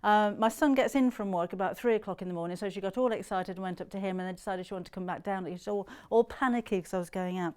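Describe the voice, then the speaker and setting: A woman's voice: mid-range voice, quick pace, hardly any pauses, darkish tone, smooth. A middle-aged British woman presenting a live shopping show, chatting to viewers with plenty of ums and laughs. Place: TV studio.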